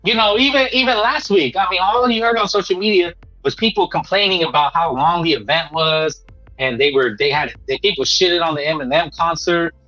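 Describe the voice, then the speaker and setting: High-voiced man ranting about boxing. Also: brisk, pushed and bright, lo-fi sound, faint music behind. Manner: emphatic and preachy, repeats himself, peppers lines with "man". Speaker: boxing talk show host. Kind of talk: casual boxing commentary monologue.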